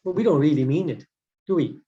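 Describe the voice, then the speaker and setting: Earnest male lecturer, slightly high mellow voice. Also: animated, fast, highs cut off. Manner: earnest, stop-start storytelling. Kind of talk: devotional scripture lecture.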